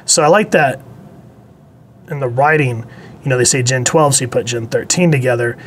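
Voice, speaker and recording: A man talks through a comic book review in a loose, chatty way. He wanders off on tangents and swears casually. His voice sits at an ordinary pitch, with a faint hum of room noise underneath. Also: normal speed.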